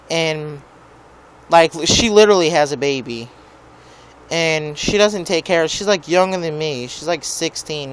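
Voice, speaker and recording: A man's voice: on the high side, a bit bright, slight background noise. A young man in a profane, rambling rant about his neighbors, peppered with "like". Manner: profane, rambling, heavy use of "like". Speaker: vlogger. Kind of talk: rambling angry rant to camera.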